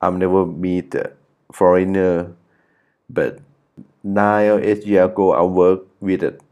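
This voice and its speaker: Slow, deep-voiced Thai-accented man. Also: little pitch movement, a little mellow, lo-fi sound. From Thailand, Chiang Mai. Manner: halting, with frequent restarts and self-corrections. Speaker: podcast host. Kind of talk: solo podcast monologue.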